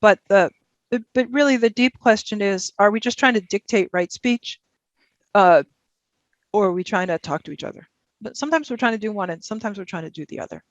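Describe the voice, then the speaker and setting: A woman's voice: medium pitch, brisk, dry recording, dull audio. A woman in her seventies speaking as a guest on a video call from her home office, rambling and thinking aloud with many fillers and restarts. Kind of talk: conversational talk and audience Q&A.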